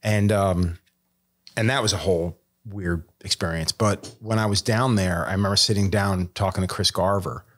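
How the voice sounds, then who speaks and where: Brief: lower-voiced male guest, profane, lively storyteller, casual podcast chat. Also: normal speed. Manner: swears a lot, animated when retelling others. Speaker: guest tattoo artist.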